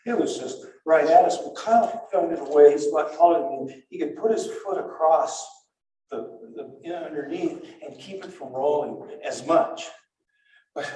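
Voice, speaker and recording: An older man recounting a survival ordeal in a halting, breathless way, full of restarts and repeated words. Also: on the high side, warm tone. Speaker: survivor telling his story. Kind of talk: spoken first-person recollection. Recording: very echoey and far from the mic.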